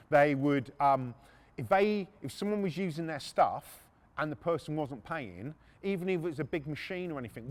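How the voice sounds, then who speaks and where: A middle-aged man, hosting a podcast and casually telling a story from his working life, blunt and swearing freely. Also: a little high. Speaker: podcast host.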